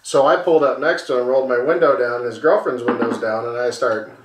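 Animated, swearing storyteller man, roomy sound. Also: mid-range voice, quick pace. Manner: animated storyteller, acts out voices, swears freely. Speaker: podcast co-host. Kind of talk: casual storytelling over a beer.

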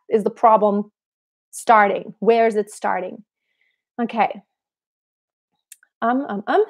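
Brief: young woman vocal coach, slightly high voice, explanatory live-stream teaching, talks through rhetorical questions. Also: darkish tone. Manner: explanatory, asks herself rhetorical questions, demonstrates voice placements. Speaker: singing teacher. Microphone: computer mic on a live stream.

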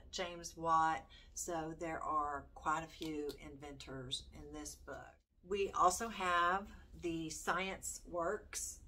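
In a casual vlog, a Southern-accented older grandmother talks to camera about homeschool books in a chatty, folksy way, reading out their titles. She is a homeschooling vlogger whose fairly low voice has a slightly bright quality.

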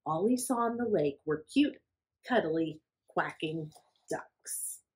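A woman reading a picture book aloud to children at library storytime, pausing to ask the young listeners hushed questions. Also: mid-range voice, expressive, poor audio.

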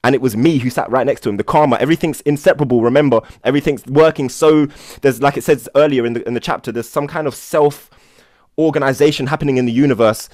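A man's voice: mid-range voice, fast talker, darkish tone, no room sound, studio quality. A man hosting a Buddhist study session, teaching and telling stories in an enthusiastic, rambling way with many restarts. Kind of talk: casual teaching and storytelling.

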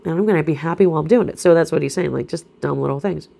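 A woman who is a spiritual coach, reading a self-help book aloud with casual, talkative asides, coughing and clearing her throat from allergies. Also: low voice, rapid-fire, dark tone. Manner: casual and talkative, breaking off to explain.

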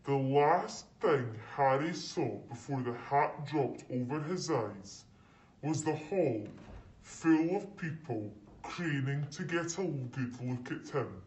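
Slow storytelling man, echoey room. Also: mid-range voice, animated, a little mellow. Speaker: masked reader. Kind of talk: reading a children's novel aloud. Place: school. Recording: roomy echo, distant mic.

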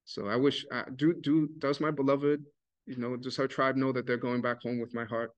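Man lecturing, casual storyteller, restarts often, mid pitch, dull lo-fi sound. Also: normal speed. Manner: casual, animated storytelling with many restarts and fillers. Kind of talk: academic talk. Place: university lecture hall.

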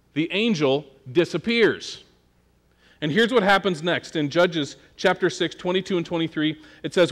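A man's voice: a little high, a bit bright. A male pastor preaching a sermon in a casual, joking, conversational manner.

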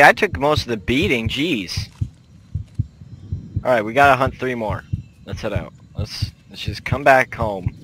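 A man's voice: medium pitch, lively intonation, a little slow, pauses often, slight background noise. A young man giving playful, rambling commentary while playing a game. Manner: playful, rambling, bursts into loud shouts. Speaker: gameplay commentator. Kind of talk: casual gameplay commentary.

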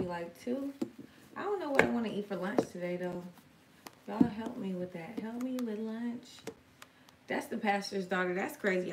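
A woman's voice: mid-range voice, heavy background noise. A woman hosting a casual tarot live stream, reading viewer comments aloud and answering them in a frank, slangy way. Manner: frank and slangy, swears now and then. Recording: roomy, distant from the mic, faint ambience.

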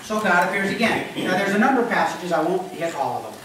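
Guy pastor preaching, slightly high voice, really echoey church, mic kinda far off. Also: very animated, fast talker, noisy background. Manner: conversational teaching, often asking "Okay?". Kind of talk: sermon. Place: church sanctuary. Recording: echoey room mic from a distance.

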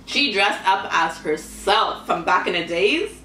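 A young woman chatting casually in a reaction vlog, laughing often and reacting with excitement. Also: medium pitch, a little slow, recorded from a distance, heavy background noise. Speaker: YouTuber reviewing celebrity costumes. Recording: echoey room, voice somewhat off-mic.

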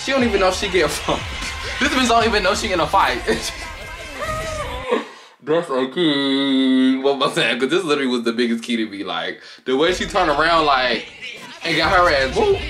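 A man vlogging his reactions in a casual, animated way, gossiping with plenty of profanity. His pitch swings widely as he talks, and music plays clearly in the background. He is recorded on a camera set up on a tripod. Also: fairly quick.

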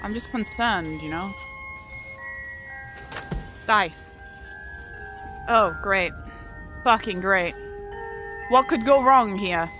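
A woman's voice: medium pitch, extremely slow, long pauses. A woman commentating her own gameplay casually, swearing and getting flustered as she plays. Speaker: gaming channel host. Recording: game music behind voice. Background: game music.

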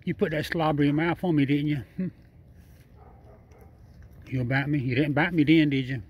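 Guy outside at night sweet-talking a critter, says everything twice, keeps chuckling, voice sits a bit high. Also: normal speed, husky, highs cut off. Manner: chatty and repetitive, coaxing and laughing, nonstandard speech. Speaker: vlogger feeding a wild raccoon. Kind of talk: casual running commentary to camera and animal. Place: outdoors at night.

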